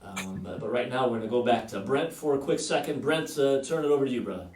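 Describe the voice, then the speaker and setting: A man's voice: mid-range voice, quick pace, a little mellow, recorded from a distance, slight background noise. A man running for office hosts a virtual town hall, speaking off the cuff with many fillers and restarts over a video call. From Iowa. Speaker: political candidate hosting a virtual town hall. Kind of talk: unscripted campaign speech. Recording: roomy echo, off-mic.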